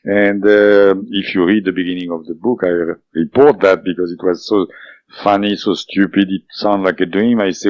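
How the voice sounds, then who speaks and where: A man's voice: fairly even intonation, normal speed, a little mellow, dry recording. French-accented man telling a strange tale. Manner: hesitant, with many fillers and restarts. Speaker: interviewee. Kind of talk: recounting a personal experience. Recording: dull, dry low-fidelity audio.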